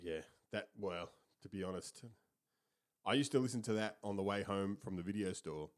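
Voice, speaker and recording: A man's voice: fairly low pitch, normal speed. A man co-hosting a podcast, telling dry, self-deprecating stories. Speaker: podcast co-host. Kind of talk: casual banter.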